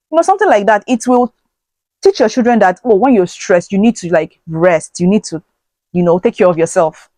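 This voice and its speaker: A woman's voice: mid-range voice, animated, brisk, darkish tone, no room sound. A woman hosting a parenting channel, giving earnest, preachy advice to camera with rhetorical questions and many fillers.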